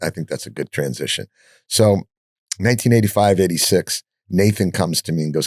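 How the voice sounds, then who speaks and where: An older man with a fairly low voice tells his stories bluntly, swearing freely and putting on the voices of the people he quotes. The sound is dry and close, with no room around it. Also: a little fast, no room sound. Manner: animated storyteller, acts out quoted dialogue; profane, blunt. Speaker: podcast guest. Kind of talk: storytelling in an interview.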